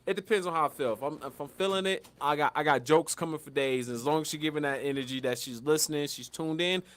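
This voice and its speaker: A man's voice: a little high, quick pace. A man with a slightly raised voice holds the floor on a casual podcast. He tells stories with lots of profanity and slips into the voices of the people he quotes. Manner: animated storyteller, acts out quotes, lots of profanity. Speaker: podcast co-host.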